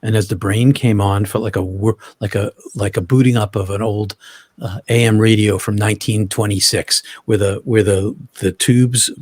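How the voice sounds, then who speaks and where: A man telling his own story as an interview guest, halting, often restarting and repeating words. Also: lowish voice, steady tone, breathy edge, dry recording, studio quality.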